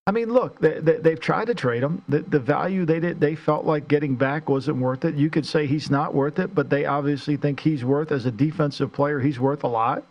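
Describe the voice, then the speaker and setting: A man co-hosting a sports talk radio show, his voice a touch higher than most men's. He talks casually but gets worked up, ranting and climbing in pitch as he makes his point. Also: moderate pace, hardly any pauses, dull audio. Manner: animated, ranting, rising in pitch when worked up.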